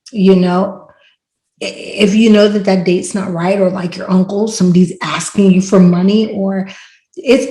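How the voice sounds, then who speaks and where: A woman hosting a podcast in casual chat, telling stories in an animated way and acting out quotes loudly. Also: mid-range voice. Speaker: podcast host. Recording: roomy echo.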